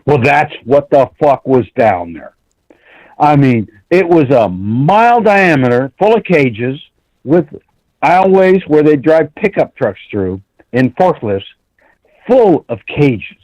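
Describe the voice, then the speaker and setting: A man's voice: a little high, takes it slowly, no echo, poor audio. A man calling in to a talk show, telling a long story bluntly and with lots of swearing, acting out the quoted dialogue. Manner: blunt, profane, animated, acts out quoted dialogue. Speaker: caller.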